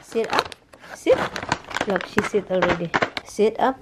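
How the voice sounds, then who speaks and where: A woman's voice: mid-range voice, unhurried, long pauses, a little hiss or hum, low-quality recording. A woman with a Filipino accent, vlogging at home and cooing baby talk to her dogs, slipping into Tagalog. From Philippines. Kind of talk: casual vlog talking to her dogs.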